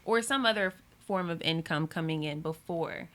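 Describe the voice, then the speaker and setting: Female realtor guest, podcast interview; low-pitched, earnest, filler-heavy advice. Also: moderate pace, fairly bright tone. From Houston, Texas. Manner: earnest, advising, many ums and you-knows.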